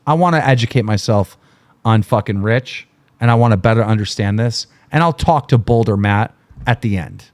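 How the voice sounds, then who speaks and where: A man's voice: on the low side, normal speed. A middle-aged man hosting a livestream, ranting in an angry, mocking, profane way. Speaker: livestream host.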